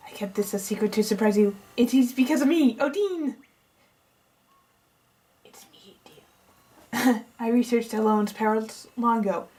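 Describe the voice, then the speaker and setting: A woman's voice: on the high side, moderate pace, long pauses, mellow, lightly acted, poor audio. A woman reading out the lines of a pompous, eccentric male scientist as he lays out a long plan, with a half-tried put-on accent she keeps dropping. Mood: boastful. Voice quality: tries a put-on accent and drops it. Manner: reads long exposition aloud. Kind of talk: reading game dialogue aloud.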